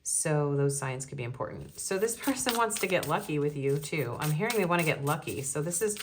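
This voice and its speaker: Woman, low voice, giggly tarot reader, chatty, soft hiss behind. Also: animated, a little fast. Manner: giggly, chatty, frequent ums and likes. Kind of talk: casual tarot reading.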